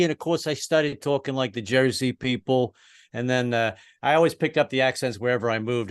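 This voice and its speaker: A middle-aged American man doing an online stand-up set, halting and restarting, with deadpan punchlines. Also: mid-range voice, smooth, no room sound, studio quality. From American East Coast. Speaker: stand-up comedian. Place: home in Brooklyn, online show.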